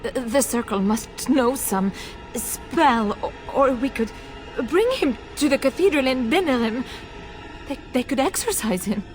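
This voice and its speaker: A woman's voice: high-pitched, lively intonation, unhurried, faint music behind. An actress voicing a noble mother desperate to save her son, emotional and pleading, in a video game.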